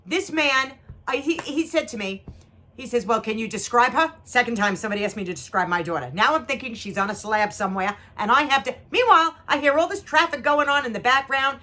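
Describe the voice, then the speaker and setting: A woman's voice: a little high, expressive, a little fast, sharp tone. A woman telling a story as a mother, dramatic and acting out the voices of the people in it, speaking straight to the viewers. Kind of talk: animated storytelling chat. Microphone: two cameras.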